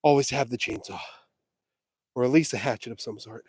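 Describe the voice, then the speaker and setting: A man with a mid-range, husky, darkish voice speaks fairly quickly in a casual live vlog, joking about himself while working on a windy farm. He's sweaty and out of breath, streaming from a phone he carries or holds. There's no room sound.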